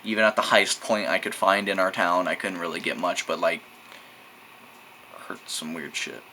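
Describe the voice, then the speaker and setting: With a low, sharp-toned voice at normal speed and a bit of hiss or hum behind it, a New Mexico teen demonstrates a gadget on his vlog. His show-and-tell is crude and rambling, packed with fillers, swearing, and loose slang.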